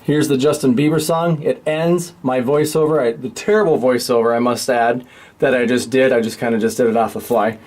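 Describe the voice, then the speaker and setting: A man's voice: mid-range voice, fairly quick. Laid-back man walking through a radio lesson. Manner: relaxed, offhand, thinks aloud with restarts. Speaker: radio teacher. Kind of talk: casual screen-share tutorial.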